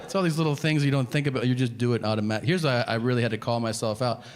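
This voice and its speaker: A man in his forties doing a profane, deadpan stand-up routine and acting out his exchanges with strangers. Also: medium pitch, racing. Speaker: stand-up comedian. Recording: live stage mic over crowd laughter. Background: audience laughter.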